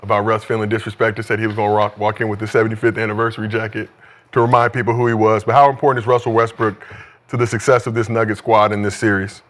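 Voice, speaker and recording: A man's voice: on the low side, flat delivery, fast, a bit bright. A man hosting a sports podcast, steadily reading out stats and setting up questions for the panel. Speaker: podcast host and moderator. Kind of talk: casual sports chat.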